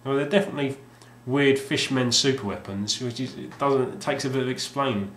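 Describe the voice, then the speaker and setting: A man's voice: medium pitch, fairly quick, fairly bright tone. A man casually showing off his game collection, rambling and hesitant with lots of ums and restarts. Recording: roomy sound with faint ambience.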